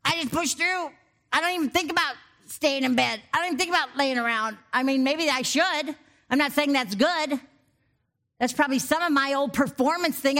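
A middle-aged woman preacher delivers a conversational sermon, veering into animated asides and personal anecdotes before coming back to the text. Her voice sits high, and she speaks at a normal speed.

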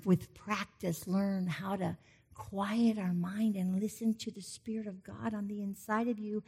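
A middle-aged woman giving a conversational sermon, breaking off into animated asides and personal stories before returning to the text. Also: lowish voice, husky. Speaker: preacher.

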